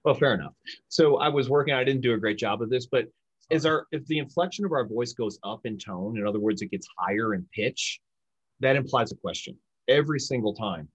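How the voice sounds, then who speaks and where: A man explaining communication techniques in an emphatic, animated coaching manner. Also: medium pitch, fairly quick, slightly rough, no echo, highs cut off. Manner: emphatic, animated, acts out example lines. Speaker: sales communication guest expert.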